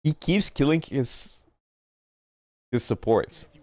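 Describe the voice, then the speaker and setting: A man's voice: medium pitch, animated, slow pace, no room sound. A young man with a stuffy nose, commenting on an esports match in blunt, profane, rambling talk on a livestream. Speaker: esports streamer.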